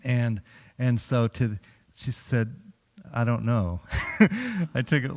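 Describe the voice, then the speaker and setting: A man's voice: medium pitch, takes it slowly. A middle-aged man, a chaplain, telling humorous stories to a congregation, acting out quotes and laughing often. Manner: lively storyteller, acts out quotes and laughs often. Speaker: chaplain speaking at a church. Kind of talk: humorous storytelling talk to a congregation. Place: large church hall. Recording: long hall reverb.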